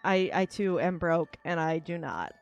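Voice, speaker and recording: A young woman streaming a game, chatting casually in a rambling way, full of "like" fillers and quick laughs. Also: on the low side, expressive, vocal fry, dull audio, faint music behind. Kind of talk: casual chat while gaming.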